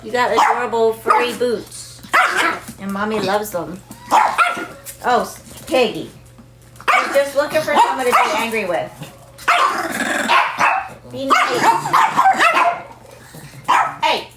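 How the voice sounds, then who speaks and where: A woman's voice: on the high side, expressive, measured pace, long pauses, very noisy. A woman who runs a senior dog sanctuary from her home, talking casually and in doting baby talk to her dogs, mixed with mock scolding.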